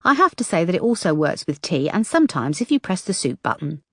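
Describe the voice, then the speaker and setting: A woman's voice: lowish voice, big pitch swings, fairly quick, no room sound, clean studio sound, voice pushed up. A woman narrator voicing a blunt, wisecracking female detective who talks frankly and teases her boss. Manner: frank, teasing.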